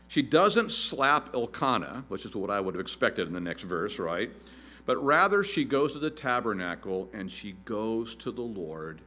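Joking and lively, a fifty-something pastor delivers his sermon, putting on a shrill voice whenever he acts out a quote.

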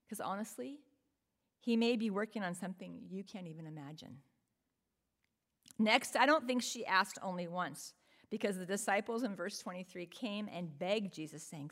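A woman preaching a sermon in an earnest, emphatic way, often asking the listeners rhetorical questions. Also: on the low side.

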